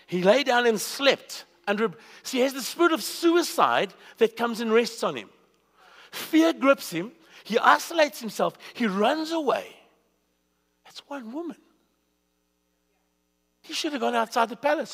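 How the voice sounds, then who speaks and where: A man preaching a sermon, swinging from loud, high bursts to hushed, low asides. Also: big pitch swings, unhurried. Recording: long reverb of a hall.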